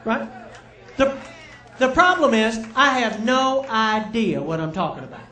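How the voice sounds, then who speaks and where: A man's voice: very high voice, animated, unhurried, pushed and bright. A middle-aged man doing live stand-up, telling chatty, self-mocking stories and checking in with the crowd. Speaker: stand-up comedian. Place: comedy club stage with live audience. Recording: roomy live club sound.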